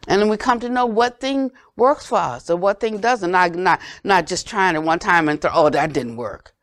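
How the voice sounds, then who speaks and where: An older woman teacher giving a dharma talk, earnest and gently questioning, often dropping to soft low tones. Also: no room sound. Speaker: Buddhist teacher.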